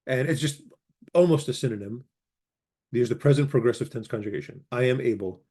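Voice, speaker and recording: A man teaching a language lesson with an easygoing, conversational delivery. He stops to spell out each form and repeats the conjugations slowly and carefully. His voice sits at an ordinary, middle pitch for a man. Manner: relaxed explaining, repeats word forms slowly. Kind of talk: casual grammar lesson, reciting conjugations.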